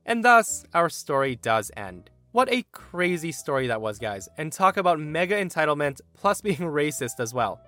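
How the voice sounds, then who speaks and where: Animated male storyteller. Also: fairly high pitch, moderate pace, hardly any pauses, faint music behind. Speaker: story narrator and podcast host. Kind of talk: storytelling narration of reddit posts.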